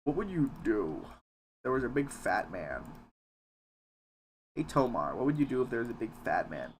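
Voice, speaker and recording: A man's voice: mid-range voice, big pitch swings, normal speed, a little hiss or hum. A man live-streaming a game, chatting casually with viewers in a rambling, joking way with plenty of swearing. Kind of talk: casual live-stream chat while gaming.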